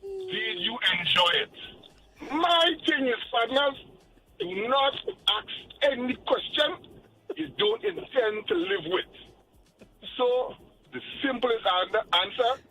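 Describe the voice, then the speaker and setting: A man's voice: very high-pitched, slow, soft background music, rough recording. A man co-hosting a radio advice chat, joking and acting out reactions. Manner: animated, joking, acts out reactions. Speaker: radio co-host.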